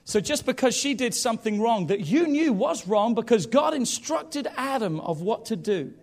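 A man in his thirties preaching a sermon, lively and joking with the congregation between points. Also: very high voice, moderate pace. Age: 30s. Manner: lively, jokey asides to the congregation.

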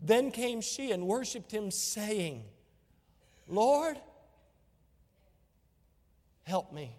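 A pastor with a high voice delivers an emphatic sermon full of rhetorical questions. The hall around him is reverberant.

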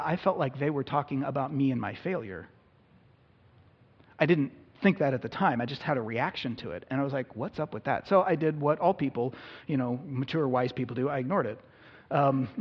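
A man's voice: on the high side, husky. A man preaching an Easter sermon as a pastor, conversational and self-deprecating with humor. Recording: dull audio in a reverberant hall.

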